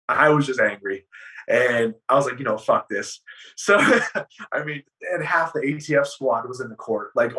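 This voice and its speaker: A man guest on an interview show, telling his story in an animated, profane way and acting out the dialogue. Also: medium pitch, far from the mic, poor audio.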